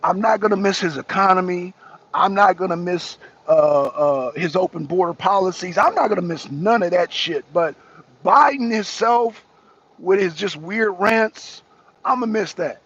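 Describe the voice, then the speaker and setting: Host: a high, husky man, rambling slangy commentary, dull lo-fi sound. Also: moderate pace, a bit bright. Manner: rambling, repeats himself, laughs often, speaks slang. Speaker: talk show host. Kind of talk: casual political commentary to viewers. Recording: dull lo-fi recording.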